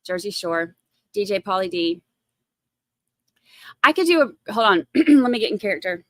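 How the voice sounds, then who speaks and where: A woman hosts a casual livestream, rambling between topics and giggling at herself in a self-mocking way. Her mid-range voice is animated and a bit bright, at a moderate pace, with studio-quality sound and no echo.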